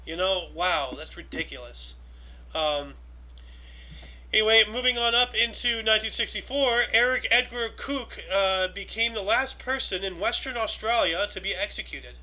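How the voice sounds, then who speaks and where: A man with a high, strikingly bright and forceful voice, co-hosting a casual chat. He reads out history events and then riffs on them loosely. His talk is full of filler phrases and restarts. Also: normal speed, rough recording. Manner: rambling, loose, many "you know"s. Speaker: co-host.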